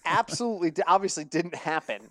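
A man's voice: a little high, quick pace, a bit bright, no room sound. A man co-hosting a casual sports betting podcast, telling stories animatedly and laughing at his own jokes. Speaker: podcast co-host.

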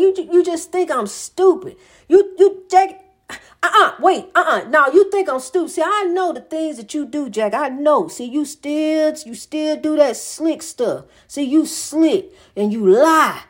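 A woman's voice: sits high, lively intonation, slow pace, few pauses. A woman mimicking a needling, sly ex-partner. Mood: accusing. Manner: accusing, needling, repetitive. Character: sly, nagging ex-partner dredging up old grudges.

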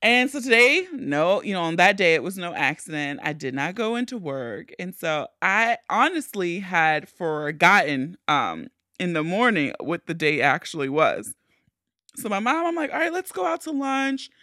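Young female podcast host, animated and profane storyteller, bright voice, dry close mic. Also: lowish voice, normal speed, no room sound. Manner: animated, profane, shrieks when acting out panic. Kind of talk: casual storytelling.

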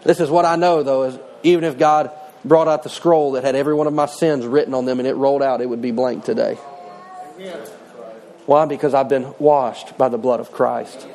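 A man's voice: medium pitch, fairly even intonation, brisk, a little mellow. A middle-aged male pastor preaching a sermon in a conversational way, mixing scripture with personal stories.

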